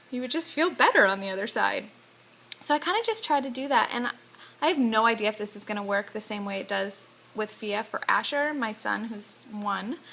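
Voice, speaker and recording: A young mother talks casually at home, gentle and reassuring but rambling, full of ums and false starts. Her voice sits a little high and bright, with a gravelly fry at the ends of phrases. A faint hiss of noise lies under the recording. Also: rough recording. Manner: rambling, frequent ums and restarts. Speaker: parent vlogger. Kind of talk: casual talk to camera.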